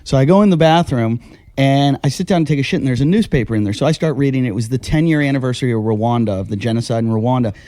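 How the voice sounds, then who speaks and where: An American man hosting a casual talk show, telling a long story in an animated way, swearing and laughing at himself. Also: medium pitch, fast talker, no echo, studio quality. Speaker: podcast host. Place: house.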